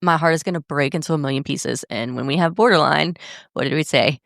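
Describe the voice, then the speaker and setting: A woman's voice: sits low, brisk, gravelly, a bit bright, dry recording, clean studio sound. A young woman hosting a podcast, talking in a candid, blunt way and swearing freely in a casual monologue. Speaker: podcast host.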